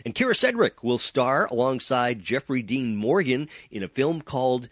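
A man's voice: medium pitch, expressive, moderate pace, dry recording. A man hosting an entertainment show while stuffed up with a cold, chatting along with many uhs. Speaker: host.

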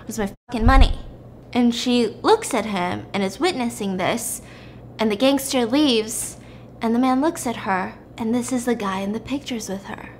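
A young woman retelling a story in a chatty, animated way, full of "like", as a podcast host. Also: a little high, moderate pace, a little hiss or hum. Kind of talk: casual story recap.

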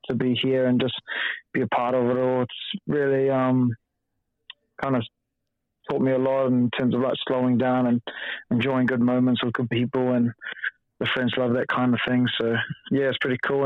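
A man's voice: medium pitch, no echo, narrow, tinny audio. Laid-back Kiwi man on a call. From New Zealand. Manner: relaxed, lots of "like" and "um". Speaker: guest, rugby player. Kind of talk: casual interview.

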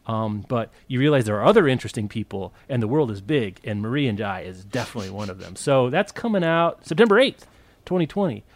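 A man's voice: medium pitch, very animated, a little fast, no echo. A man co-hosting a podcast, enthusiastic and rambling as he recommends books with many restarts. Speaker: podcast co-host. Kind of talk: casual book chat.

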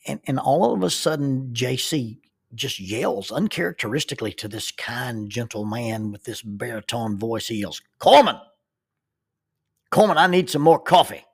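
Husky middle-aged preacher telling a story. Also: male voice, mid-range voice, normal speed. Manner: self-deprecating, chuckling narrator. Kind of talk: humorous personal storytelling.

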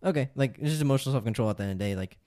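A man's voice: medium pitch, expressive, rapid-fire, dark tone, no room sound, studio quality. A man giving blunt advice on a podcast and lecturing listeners directly in casual talk.

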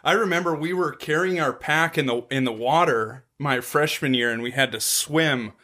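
A man's voice: on the high side, moderate pace, pushed and bright. A young man in his twenties co-hosting a podcast, blunt and terse, swearing casually. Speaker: podcast co-host. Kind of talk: casual chat.

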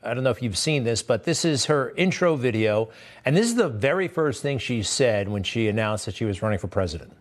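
A man's voice: mid-range voice, expressive, fairly quick. A man hosting a TV news interview, asking questions in a casual, conversational way. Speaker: TV news host.

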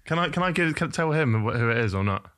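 Lively podcast host. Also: male voice, mid-range voice. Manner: lively, stammering, quick short replies. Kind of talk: casual chat.

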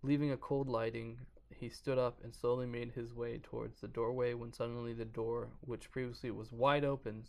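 A man's voice: medium pitch, flat delivery, normal speed, vocal fry, hardly any pauses. A man on a podcast casually reading a creepypasta aloud, stumbling over words and breaking off to joke. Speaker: podcast co-host reading a horror story.

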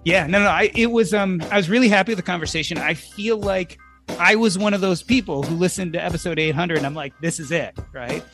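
A man's voice: sits high, a little fast, a bit bright, soft background music. A man hosting a podcast, chatting in an easygoing, agreeable way and laughing often. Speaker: podcast host. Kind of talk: casual podcast conversation.

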